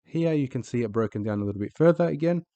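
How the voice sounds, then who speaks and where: A man teaching a lesson in a patient way, saying example words slowly and repeating them. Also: medium pitch, expressive, mellow, no echo, dull audio. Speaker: Arabic teacher. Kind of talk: recorded teaching voice-over.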